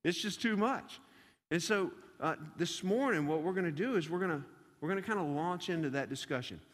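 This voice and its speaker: A youth pastor with a fairly high voice for a man, preaching a sermon in a conversational, animated storytelling style. A long reverb trails after his words, as in a church hall. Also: a little fast.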